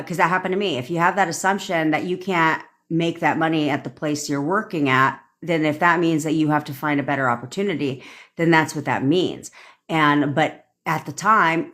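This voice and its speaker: A woman's voice: low voice, fairly bright tone. A woman manifestation coach on a livestream, ranting bluntly with swearing and acting out quoted lines. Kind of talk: livestream rant.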